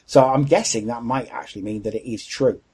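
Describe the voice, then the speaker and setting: A man's voice: medium pitch, a little fast, darkish tone, slightly rough. A man co-hosting a podcast, chatting casually, candid and jokey with blunt opinions. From Wales. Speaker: podcast co-host. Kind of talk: casual chat.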